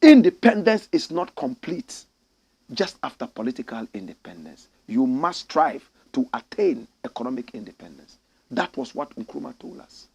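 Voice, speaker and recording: A middle-aged man with a Ghanaian English accent, hosting a political commentary show with fiery, preaching delivery that climbs to shouts. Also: mid-range voice, sing-song, moderate pace, vocal fry, breathy edge, no echo.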